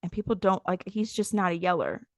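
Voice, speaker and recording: A woman in her thirties co-hosting a podcast in casual chat, telling stories animatedly and acting out quotes loudly. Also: on the low side, animated, fairly quick, dry recording, studio quality. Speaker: podcast co-host.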